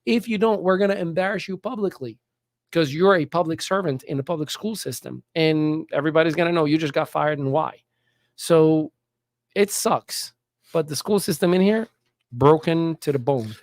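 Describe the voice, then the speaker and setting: A man from Morocco, telling school stories as a podcast guest in an animated way. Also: fairly high pitch, moderate pace, no room sound, studio quality. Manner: animated, acts out quoted voices. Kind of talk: casual storytelling.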